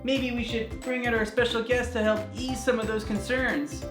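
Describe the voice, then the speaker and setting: A man's voice: extremely high pitch, steady tone, moderate pace, echoey room, music in the background, voice pushed up. A man voicing a cheerful children's TV host in a comedy sketch. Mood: chipper. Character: cheery kids' show host, adult male.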